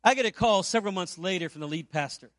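A man's voice: high-pitched, fast talker, a bit bright, dry recording, studio quality. A man from Puerto Rico preaching a sermon, telling a story and asking the congregation rhetorical questions. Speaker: pastor.

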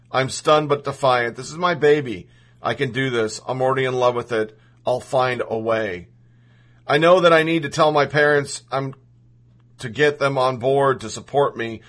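Man, mid-pitched voice, earnest, emotional, reading a personal story aloud. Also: normal speed, a bit bright.

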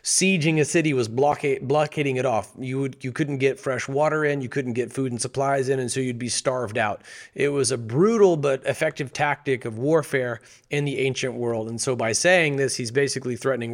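Man giving animated Bible teaching. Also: mid-range voice, moderate pace. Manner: animated, asks many rhetorical questions.

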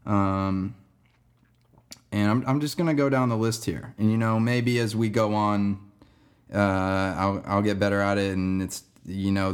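Young male podcast host, fairly low voice, rambling casual storytelling, slangy and relaxed. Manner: rambling, laid-back, says "dude" and "man" a lot.

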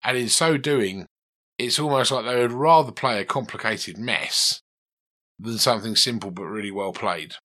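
Bright, chatty guitar teacher. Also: male voice, mid-range voice, moderate pace. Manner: chatty, coaching, asks questions. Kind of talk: conversational one-to-one lesson.

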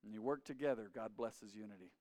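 A man's voice: on the low side, fast, a little mellow. A man preaching a sermon as a pastor, with emphatic, repetitive phrasing. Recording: long hall reverb.

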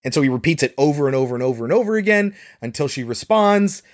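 A man's voice: a little high, lively intonation, quick pace. A man co-hosting a film podcast in casual chat, retelling scenes sarcastically and swearing freely. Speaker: podcast co-host reviewing a film.

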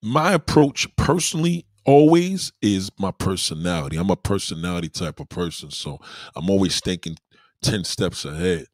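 A man's voice: sits low, lively intonation, moderate pace, dry recording, clean studio sound. A man giving dating advice in a casual, profane monologue full of street slang. He keeps checking in with the listener. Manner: keeps asking "you know what I mean".

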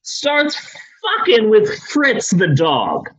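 A man retelling history for comedy in a casual, profane, animated way. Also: high voice, very slow, breathy edge, rough recording. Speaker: comedy storyteller.

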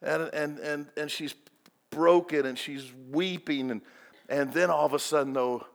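A man preaching a sermon as pastor, swinging between loud and hushed delivery. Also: on the high side, unhurried. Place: church sanctuary. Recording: long reverb of a large hall.

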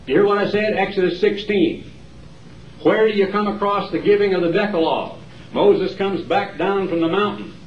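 A male evangelist preaching a campaign sermon with emphatic, dramatic pauses, recorded live in a large hall. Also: on the high side. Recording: roomy hall, distant dull mic.

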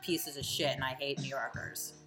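A woman's voice: very deep voice, moderate pace, loud music behind the voice. A woman hosting a casual chat, blunt and profane, joking with her guests. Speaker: podcast host.

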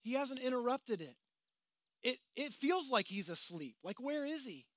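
A man's voice: extremely high pitch, very animated, normal speed, a bit bright, no room sound, clean studio sound. A man preaching a sermon in a casual, conversational way, acting out the voices of the people in the story. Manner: conversational, dramatizing voices of the disciples. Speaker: pastor. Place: outdoors by the water.

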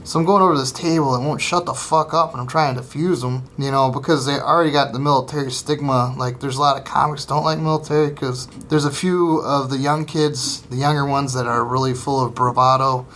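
A man's voice: mid-range voice, fairly quick, few pauses, a little hiss or hum. A man, a comedian and former service member, telling stories in a casual chat, swearing constantly and acting out the people he quotes. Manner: profane, animated storyteller who acts out quotes. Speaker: comedian and podcast guest. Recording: roomy room, faint ambience.

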